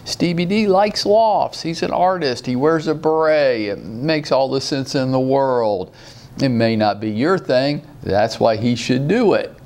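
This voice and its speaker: A man's voice: medium pitch, unhurried. Rallying man coaching. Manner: animated, rallying, rhetorical questions. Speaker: real estate sales coach. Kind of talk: motivational training talk.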